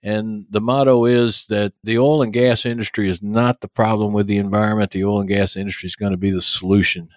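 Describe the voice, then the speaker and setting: A man's voice: lowish voice, flat delivery, brisk, hardly any pauses, no echo, clean studio sound. A man with an East Texas accent hosting a podcast interview in a folksy, upbeat, chatty way. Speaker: podcast host.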